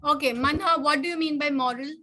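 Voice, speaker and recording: High, bright-voiced woman teacher. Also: fairly even intonation. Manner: coaxing and brisk, calling on children by name. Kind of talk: leading a children's class game and lesson.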